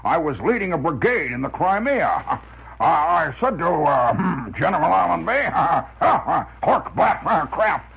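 A man's voice: a little high, sing-song, unhurried, vocal fry, husky, pitched above the performer's own voice, exaggerated voice. A man voicing a blustering, pompous old army major who harrumphs and mumbles nonsense words, on a dull old radio recording.

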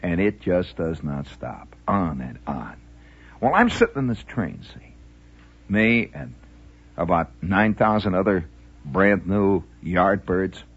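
Husky Midwestern storyteller, lo-fi recording. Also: male voice, sits low, animated, slow pace. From American Midwest, Indiana. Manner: folksy, meandering, mock-grand asides. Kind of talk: rambling monologue storytelling.

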